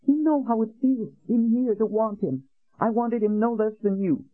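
A man putting on a jealous, scheming young woman in an audiobook, sharply raised and shrill, accusing and defiant. The sound is dry and a little dull. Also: moderate pace, no room sound, close to an everyday voice. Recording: dull lo-fi recording.

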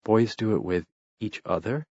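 A man reading the lines of a curious, teasing young Neapolitan woman in an audiobook, speaking softly. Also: on the low side, normal speed, slightly rough, no room sound, dull audio. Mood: amused. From Naples.

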